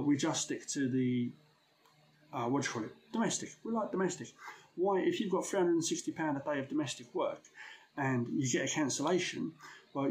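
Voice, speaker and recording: A man who runs a window cleaning business, giving blunt, slangy advice in a casual vlog. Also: medium pitch.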